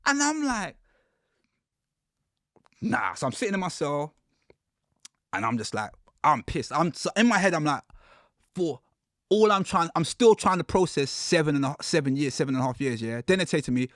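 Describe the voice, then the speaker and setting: A man, a podcast guest telling his story in a casual, animated way. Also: on the high side, normal speed, pauses often, dry recording, clean studio sound. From United Kingdom. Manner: animated storyteller, acts out quotes with slang.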